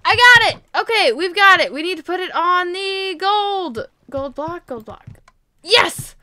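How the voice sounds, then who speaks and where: Young woman, let's-play commentator, very high bright voice, excitable, close dry mic. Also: measured pace, no echo. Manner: excitable, gasps and shrieks often. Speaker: gaming YouTuber.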